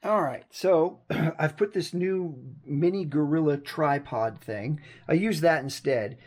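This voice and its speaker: A hoarse man chatting casually to his vlog camera at home, rambling and talking himself through each step. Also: a little high, a little slow. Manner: chatty, rambling, self-talk. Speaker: vlogger. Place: room at home. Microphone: action camera on a mini tripod.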